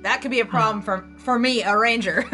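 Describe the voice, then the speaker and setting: A woman's voice: on the high side, fairly quick, sharp tone, soft background music. A woman playing in a tabletop game, giggly and playful as she talks. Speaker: player. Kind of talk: casual tabletop game play.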